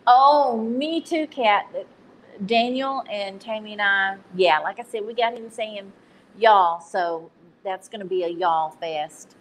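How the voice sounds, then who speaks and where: A woman's voice: medium pitch, slow, slight background noise, rough recording. A woman with a Texan accent hosting a casual live stream, chatty and self-deprecating, laughing at her own slips. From Texas.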